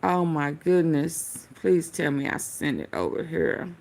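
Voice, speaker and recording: Slow, gravelly woman host rambling to viewers. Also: deep voice, sing-song, darkish tone. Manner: rambling, talks straight to viewers, swears, searches aloud. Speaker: commentary channel host. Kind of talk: casual commentary reacting to clips.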